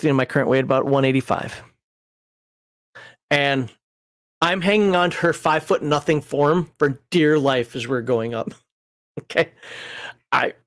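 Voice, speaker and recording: A man's voice: a little high, no room sound, studio quality. A middle-aged man hosting, explaining game rules through a personal story, laughing at himself and restarting his sentences.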